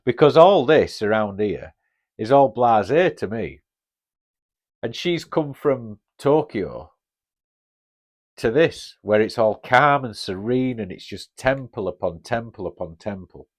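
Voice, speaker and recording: A podcast host in his fifties from Northern England tells a casual story in an animated, mid-range voice at a slow pace. He's chatty and blunt, with a Northern English accent, and swears freely.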